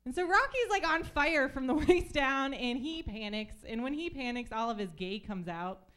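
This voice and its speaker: A woman's voice: high voice, animated, moderate pace, a bit bright. A young woman telling stories in a stand-up comedy set on a club stage, chatty with lots of fillers and acted-out voices.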